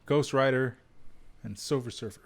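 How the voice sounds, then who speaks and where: A man's voice: mid-range voice, normal speed, vocal fry. A young man co-hosting a casual chat show, joking and teasing. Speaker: co-host.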